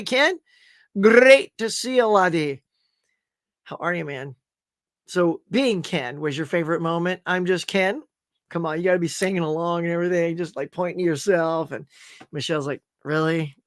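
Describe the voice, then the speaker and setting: A man's voice: high-pitched, a bit bright, no room sound, studio quality. A man hosting a casual live chat show, rambling through viewer comments with lots of fillers and restarts. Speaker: host.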